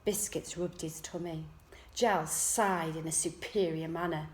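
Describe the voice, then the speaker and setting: Teacher reading a story softly. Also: female voice, sits low, steady tone, unhurried. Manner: soft, quiet first-person narration. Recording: echoey room.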